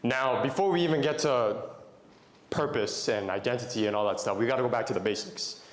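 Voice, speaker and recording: A young adult man, a motivational Christian speaker, addresses young men, telling stories conversationally and posing questions to the audience. His mid-range voice runs a little fast. The room is echoey.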